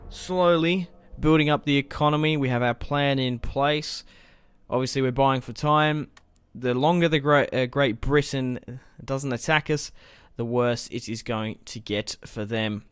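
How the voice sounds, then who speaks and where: Smooth-voiced man rambling through gameplay. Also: medium pitch, fairly even intonation, a little slow, no room sound. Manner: rambling, thinks aloud, swears casually. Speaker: gaming let's-play host. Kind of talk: casual gameplay commentary.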